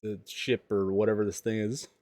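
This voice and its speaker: A man playing a tabletop game, laying out a plan in halting, scheming explanations. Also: fairly low pitch, flat delivery, warm tone. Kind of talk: casual play.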